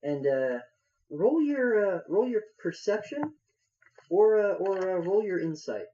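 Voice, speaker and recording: A man narrating as game master, halting and full of fillers. His voice is mellow and warm, recorded on slightly dull podcast audio. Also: high-pitched, lively intonation, slight background noise.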